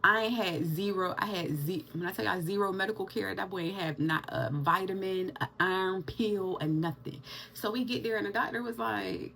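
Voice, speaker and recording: Gravelly-voiced woman vlogging. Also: medium pitch, normal speed, a little hiss or hum. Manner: animated, addresses viewers as y'all, Southern US slang. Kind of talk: casual storytelling to camera.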